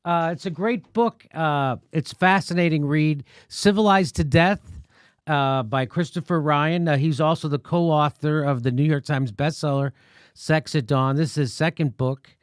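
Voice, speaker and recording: Swearing talk-show host telling stories. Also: male voice, fairly high pitch, normal speed, clear, resonant tone, no echo, studio quality. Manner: rambling storyteller, swears freely. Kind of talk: casual interview chat.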